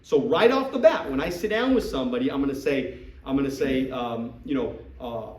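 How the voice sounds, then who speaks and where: A man's voice: mid-range voice, animated, fairly quick. A man giving a motivational business training talk, emphatic and repetitive, acting out sales conversations. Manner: emphatic, repeats phrases, acts out sales dialogue. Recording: echoey room, mic at a distance.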